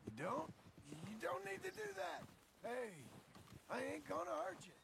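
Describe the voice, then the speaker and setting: An actor playing a gruff frontier cowboy in a video game, speaking in a gravelly drawl as he coaxes and soothes a wild horse. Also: very high voice, very animated, background noise, exaggerated voice. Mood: soothing. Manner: slow, coaxing, folksy talk to an animal. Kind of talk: video game character dialogue. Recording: game audio with horse sounds.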